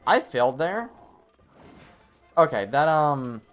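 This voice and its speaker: A man's voice: on the high side, very animated, takes it slowly, fairly bright tone, clean tone, soft background music. A young man streaming a game live, explaining tactics casually with frequent laughs and fillers. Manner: chatty, laughs often, many fillers. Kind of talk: live gameplay commentary and tips.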